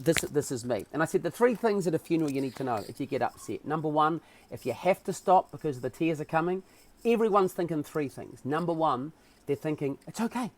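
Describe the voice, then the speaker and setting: A man with a New Zealand accent, a podcast guest telling a story and acting out the dialogue. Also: a little high. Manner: acts out dialogue with lively swings in voice. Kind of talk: animated storytelling.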